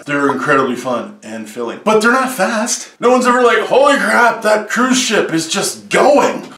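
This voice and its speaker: A man's voice: medium pitch, fairly bright tone, echoey room, recorded from a distance. A man hosting a comedic top-list movie review, sarcastic and full of jokey asides.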